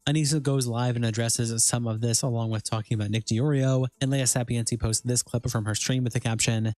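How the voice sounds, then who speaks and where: A man narrating online drama, reading out posts and replies in a flat recap delivery. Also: mid-range voice, a little fast, no room sound.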